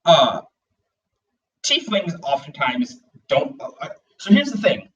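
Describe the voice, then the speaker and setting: A man's voice: a little high, big pitch swings, takes it slowly, fairly bright tone, distant mic, dull audio, a little hiss or hum. A man co-hosting a casual world-building chat, rambling with lots of fillers and acting out little bits. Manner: rambling, full of "like" and "you know", acts out bits. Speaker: podcast co-host.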